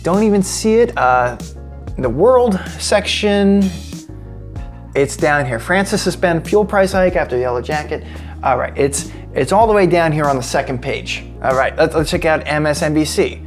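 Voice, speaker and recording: An American man giving a sarcastic, joke-filled commentary vlog as a political commentator. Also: fairly high pitch. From United States. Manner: sarcastic, joking asides.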